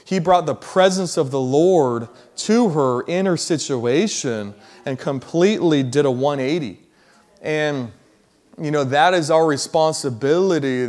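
A man preaching a sermon, telling a story in a casual, slangy way that builds to loud emphasis. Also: on the high side.

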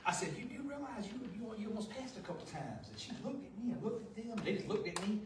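A man pastor preaching a Pentecostal sermon, shouting with passion and dropping to hushed storytelling. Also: sits high, big pitch swings, fast, background noise. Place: church sanctuary. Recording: very echoey room, distant mic.

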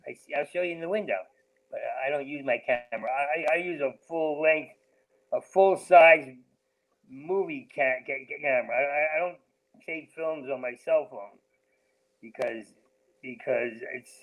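A man's voice: on the high side, moderate pace, fairly bright tone, low-quality recording. A male comedian riffing in a rambling stream of consciousness, with heavy stammering and sudden jumps between topics. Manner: heavy stammering, repeats sounds and words. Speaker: comedian guest.

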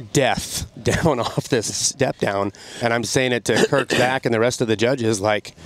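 A middle-aged man, a podcast guest, telling an animated story about riding. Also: fairly low pitch. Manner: animated, excited storytelling with laughs. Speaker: podcast guest, snowmobile rider. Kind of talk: casual storytelling.

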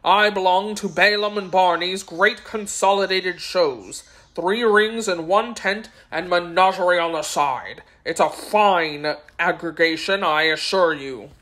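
A woman's voice: lowish voice, unhurried, hardly any pauses, fairly bright tone. A woman doing a breezy, boastful little wizard. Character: cheerful boastful little old male wizard, circus humbug.

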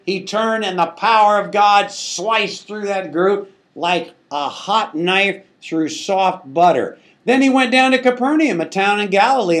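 A man teaching the Bible in a sermon, with an emphatic, conversational delivery full of rhetorical questions. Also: high voice.

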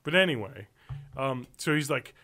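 A male podcast co-host talking loosely and at length. He rambles from point to point, swears freely and breaks into laughter often. His voice sits at an ordinary middle pitch. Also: lively intonation, moderate pace, pushed and bright. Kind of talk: casual chat.

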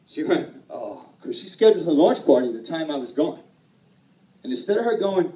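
A man's voice: medium pitch, normal speed, warm tone, reverberant, far from the mic, poor audio. A man telling a personal story to an audience at an event, self-deprecating and rambling, laughing often. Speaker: speaker at a sales event.

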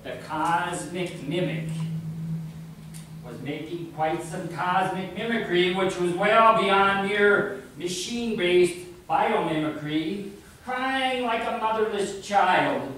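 A man's voice: high-pitched, a bit bright. Man reciting poetry in an echoey room. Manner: rhythmic wordplay, hesitant asides. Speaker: poet. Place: public library community room. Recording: echoey room heard from far off.

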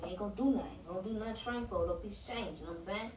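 A woman's voice: medium pitch, rapid-fire, darkish tone, roomy sound, far from the mic, a little hiss or hum. A young woman vlogging casually in a doctor's office, teasing and joking in profane slang and sing-song baby talk. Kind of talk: casual vlog chat.

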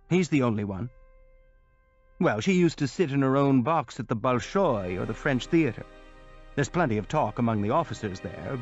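Man putting on a fawning male clerk, high eager voice, ingratiating, roomy echo, music behind. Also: recorded from a distance, muffled recording, lightly acted. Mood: flustered, loud. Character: fawning obsequious male official, gossipy know-it-all.

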